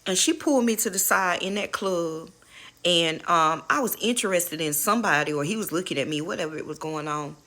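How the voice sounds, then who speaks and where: Speaking a little fast in a lowish, bright, forceful voice, a middle-aged spiritual advisor and channel host casually dispenses life lessons to viewers. Her inspirational talk is candid and preachy, full of swearing and "y'all."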